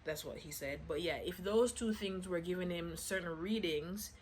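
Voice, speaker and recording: A woman's voice: fairly low pitch, moderate pace, a little hiss or hum. Chatty woman telling a story. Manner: chatty, acts out quotes with "I'm like" asides. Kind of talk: casual storytime chat.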